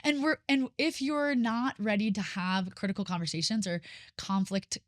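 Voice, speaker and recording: A woman hosts a casual podcast conversation in a mid-range voice. She talks in an animated way, thinks aloud, and often checks in with "right?". The close mic sounds dry. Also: mid-range voice, normal speed, dry recording. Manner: animated, searching for words, frequent "right?". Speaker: podcast host.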